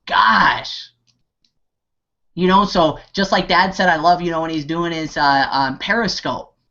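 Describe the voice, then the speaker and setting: A man's voice: on the high side, a little slow, vocal fry, sharp tone, dull audio. A man giving an impassioned motivational talk on an online hangout, rambling with lots of "you know", fillers and restarts. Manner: rambling, heavy on 'you know' and fillers, restarts; impassioned and pep-talking. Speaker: network marketing team leader.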